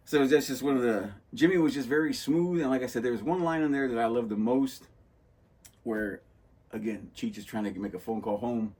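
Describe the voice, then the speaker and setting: Here the podcast host's mid-range voice is husky and a little mellow, and he speaks fairly quickly. He rambles casually through movie stories, loosely acting out lines as he goes.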